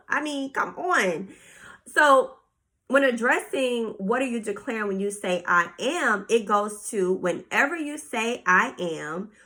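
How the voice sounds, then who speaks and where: A woman hosting a casual solo podcast, reading passages aloud and reflecting on them in an expressive, conversational way. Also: fairly high pitch, takes it slowly. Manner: expressive, reads passages aloud then comments, faith-inflected asides. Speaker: podcast host.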